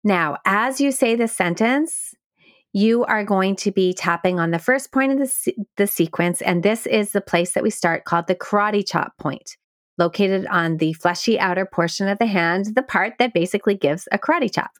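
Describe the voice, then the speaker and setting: A woman podcast host calmly explaining a self-help technique step by step, playing with stress on certain words. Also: mid-range voice, normal speed, dry recording, clean studio sound. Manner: calm, guiding, plays with stress on words. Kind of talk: instructional explanation.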